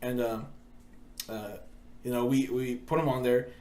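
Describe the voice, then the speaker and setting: A man's voice: mid-range voice, fairly even intonation, unhurried, a little mellow. A young man co-hosting a casual podcast chat, telling stories with frequent laughter and fillers. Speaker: podcast co-host. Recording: echoey room.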